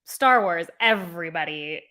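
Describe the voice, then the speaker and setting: A woman's voice: lowish voice, lively intonation, measured pace, bright, forceful tone. A woman hosting a podcast in casual chat, talkative and laughing often. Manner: chatty, laughs often, rambling. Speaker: podcast host.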